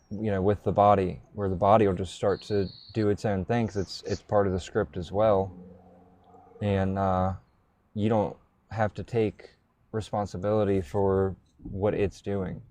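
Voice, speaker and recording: Deep mellow-voiced man ranting loosely. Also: flat delivery, measured pace. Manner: loose, rambling, swears angrily at an unseen system. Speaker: show host. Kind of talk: casual call-in chat.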